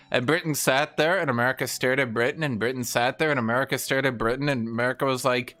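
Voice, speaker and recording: A man at a middle pitch talking through a livestream, opinionated and combative, with plenty of swearing. He jumps from point to point and drops quick mock lines for nations in his story. Faint game music plays behind him. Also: fairly even intonation, pushed and bright. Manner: opinionated, profane, argumentative; mimics historical nations in quick asides. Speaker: streamer. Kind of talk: casual livestream rant while gaming.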